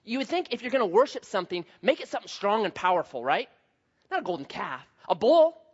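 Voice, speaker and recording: A man with a high voice preaching a sermon in a church hall. He tells stories in an animated way, acting out voices and sound effects. The recording sounds slightly dull and muffled. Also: fast, husky. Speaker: pastor. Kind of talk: sermon with storytelling.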